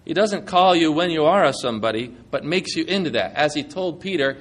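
A male preacher delivers a sermon in a relaxed, conversational way. He talks in plain, folksy terms, and his voice sits a little higher than most men's. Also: brisk.

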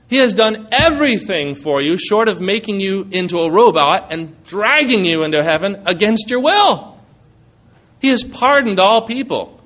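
A man's voice: sits high, a bit bright. A man preaching a sermon, earnest and emphatic, quoting scripture and asking rhetorical questions.

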